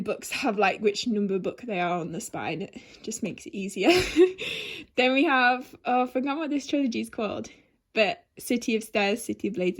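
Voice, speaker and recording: A young woman from England giving a casual bookshelf tour, chatty and rambling, with frequent ums and small giggles. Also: medium pitch. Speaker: book vlogger. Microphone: handheld camera.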